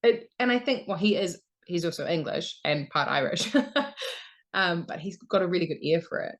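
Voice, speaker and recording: A woman's voice: on the low side, lively intonation, normal speed. A young woman from New Zealand, a voice actor, chatting casually in an interview and laughing often. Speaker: voice actor guest.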